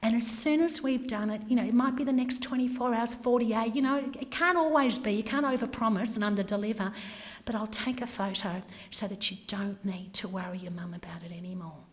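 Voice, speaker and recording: A woman runs a workshop in a lively, acted-out way, slipping in and out of little dialogues. Her voice sits a bit high, and a long hall reverb trails behind her words. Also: a little fast. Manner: animated, acts out customer exchanges, drops to whispers. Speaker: workshop presenter. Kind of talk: training talk with acted scenarios.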